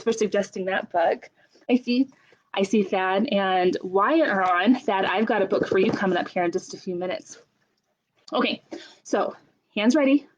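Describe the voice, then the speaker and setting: A young woman leading a children's story time, asking slow sing-song questions and making playful animal sounds. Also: mid-range voice, a little hiss or hum. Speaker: children's librarian. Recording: dull lo-fi camera audio.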